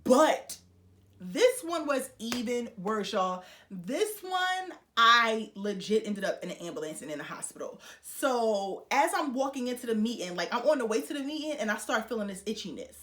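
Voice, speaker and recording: Young woman, fairly high voice, chatty vlog storytelling, animated, talks right to viewers. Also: normal speed. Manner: animated storyteller who acts out the voices in her stories; chatty, speaks straight to viewers with frequent fillers. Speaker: YouTuber.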